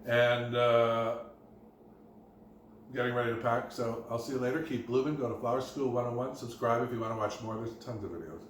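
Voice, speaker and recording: A man's voice: mid-range voice, fairly even intonation, brisk. A middle-aged man, a florist and design teacher, chatting in a casual self-promoting vlog from his apartment kitchen, telling anecdotes with chuckles. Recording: roomy, distant, faint background hum.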